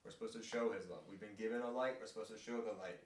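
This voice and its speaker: A man leading a casual group Bible discussion. He reads scripture and acts out quotes in playful, animated voices. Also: on the low side, very fast. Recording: echoey room, mic at a distance.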